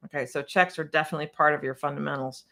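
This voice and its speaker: A woman's voice: sits low, fairly even intonation, very fast, creaky, pushed and bright. A woman piano technician answering viewer questions on a casual livestream, chatty and a bit scattered, with frequent restarts and laughter.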